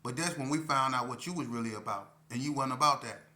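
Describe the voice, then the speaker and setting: A middle-aged man spins a street story in a loose, slangy voice, full of "you know" and easy asides. His tone is bright and forceful, sitting in an ordinary middle pitch. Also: fast. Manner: laid-back, slangy, many "you know" fillers.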